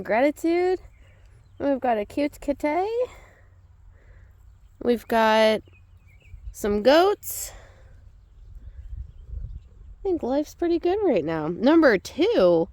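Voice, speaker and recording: A young woman hosting a casual gratitude vlog outdoors on a rural property. She talks in a chatty way and slips into a high sing-song when she calls to her animals. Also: dark tone, no echo. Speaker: host.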